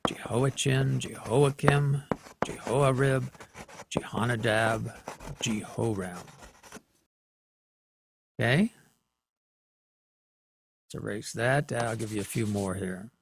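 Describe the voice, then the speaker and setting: A man gives a classroom lecture in an unhurried, careful way. He keeps stopping to check in with his students. A faint hiss of background noise sits under the recording. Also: mid-range voice, vocal fry. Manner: slow, deliberate, checks in with "okay?". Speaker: teacher.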